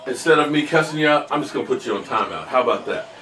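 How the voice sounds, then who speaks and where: A man's voice: medium pitch, animated, racing, sharp tone, reverberant, distant mic. A man hosting a casual live stream, joking with his chat and scolding trolls. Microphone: desk microphone.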